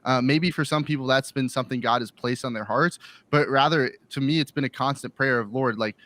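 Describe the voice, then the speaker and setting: A man's voice: mid-range voice, fairly quick, fairly bright tone. A man on a pastors' livestream panel, talking earnestly in a casual chat with lots of filler likes.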